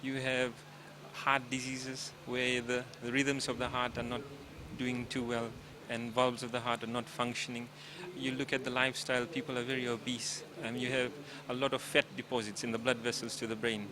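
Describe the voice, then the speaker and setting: A man doctor explaining health matters in a slow, explanatory way in a news interview clip. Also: mid-range voice, little pitch movement. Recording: outdoor crowd noise behind.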